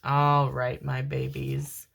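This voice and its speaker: A woman's voice: rumbling low, completely flat delivery, slow pace, creaky, very noisy. Affectionate woman doing a tarot reading. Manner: affectionate, constantly calls viewers "my loves" and "my babies"; swears casually, laughs often. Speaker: tarot card reader. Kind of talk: casual tarot reading to camera.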